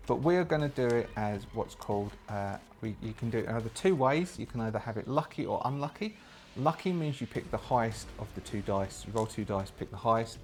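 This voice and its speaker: A man narrating a solo tabletop role-playing session, thinking aloud with hesitant pauses and restarts as he works through the rules. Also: medium pitch. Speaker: solo game player and narrator.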